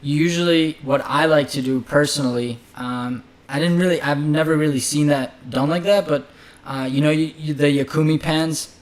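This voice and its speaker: A man's voice: on the high side, fairly even intonation, moderate pace. A man who is a chef, chatting loosely about cooking on a podcast with many fillers and restarts. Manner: loose, rambling, filler-heavy. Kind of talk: casual chat.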